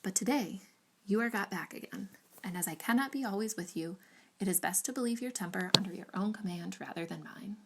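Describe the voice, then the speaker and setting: A witty, spirited young lady, voiced by a woman reading a storybook. She banters archly. Her mid-pitched voice has a gravelly edge. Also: a little fast, a bit bright, slight background noise, natural voice. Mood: bantering. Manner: arch and bantering.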